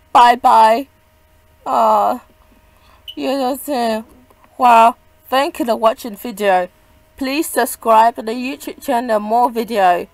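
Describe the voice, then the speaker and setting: A woman's voice: a little high, gravelly, dry recording. A woman giving live gameplay commentary as a channel host, often bursting into panicked, repeated exclamations. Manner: excitable, frequent panicked exclaiming and repeated cries.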